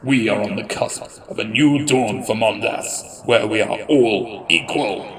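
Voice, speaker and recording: A man voicing a confident middle-aged supreme leader giving a slow, rallying speech. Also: lowish voice, rough recording.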